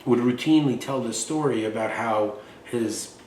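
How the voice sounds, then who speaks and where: A man's voice: mid-range voice, normal speed, darkish tone, roomy sound, far from the mic, slight background noise, rough recording. A man in his forties, from Russia, hosting a show and talking in a blunt, boastful, profane way. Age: 40s. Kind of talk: casual monologue and storytelling.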